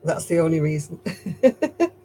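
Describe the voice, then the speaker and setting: A woman's voice: low voice, sing-song, a little slow, dark tone, slight background noise, poor audio. A woman with a Lancashire accent hosting a casual live stream while she crochets, chatty and rambling, chuckling at herself. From Lancashire, England.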